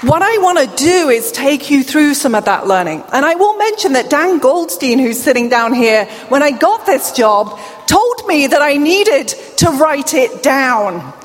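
High-voiced British woman with a deaf accent. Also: big pitch swings, a little slow, few pauses. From England. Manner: upbeat, playful, engages the crowd. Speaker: keynote speaker. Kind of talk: conference keynote. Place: large hall. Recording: long hall reverb.

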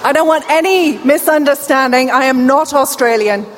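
A middle-aged British woman with a slight deaf accent giving a lively, playful conference keynote, speaking straight to the audience. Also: sits high, normal speed. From England. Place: large hall before a live audience. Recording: long hall reverb with faint ambient noise.

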